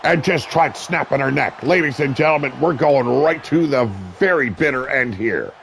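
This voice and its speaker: A man calling a wrestling match as play-by-play commentator, brash and profane, shouting at the big moves. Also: mid-range voice, lively intonation, normal speed, vocal fry, slight background noise.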